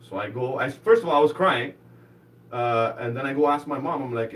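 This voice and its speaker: A man doing a live stand-up comedy set on a club stage, rambling and halting, then rising to excited shouts in his stories. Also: fairly high pitch, far from the mic, poor audio.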